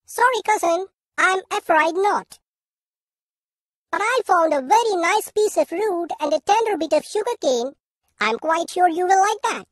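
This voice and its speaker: A very high, squeaky cartoon country mouse with a lively, slow delivery, dry and close. He is kind, modest and gently obliging. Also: no echo. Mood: polite. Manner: gentle, accommodating. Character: kind patient country mouse, humble host.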